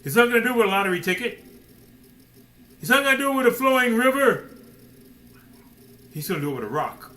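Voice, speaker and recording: A man's voice: very high-pitched, big pitch swings, quick pace, pauses often, bright, forceful tone, poor audio. A man preaching a sermon emphatically, firing rhetorical questions and addressing listeners directly as man and son.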